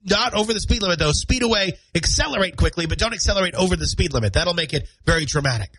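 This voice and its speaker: A high-pitched, husky man with a sharp tone talks fast and animatedly while hosting a solo morning radio show. In his thirties and down with a cold, he sounds nasal and congested, with a stuffy nose and scratchy throat, yet stays chatty and self-deprecating. It's a rough recording from a studio microphone in a radio studio.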